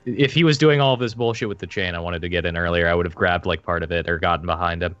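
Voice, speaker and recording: Low-voiced man on a muffled mic. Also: fast, a bit bright, clean tone, dry recording, soft background music. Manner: explains rules, joking. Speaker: player. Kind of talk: casual tabletop game chat.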